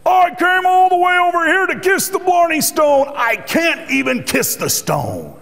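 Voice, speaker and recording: A high, shrill voice of a fussy woman tourist, put on by a male speaker. She whines with indignation, and her words swing from peak to dip. The sound carries the long ring of a large hall. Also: big pitch swings, a little slow. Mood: indignant. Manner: indignant, whiny. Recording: reverberant hall.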